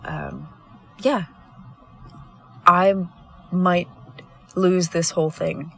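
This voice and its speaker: A woman's voice: fairly low pitch, fairly even intonation, vocal fry, fairly bright tone, breathy edge, faint music behind. A woman podcast host and coach talking candidly and earnestly in a reflective monologue, recorded in a parked car by the roadside. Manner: candid, earnest, halting with restarts.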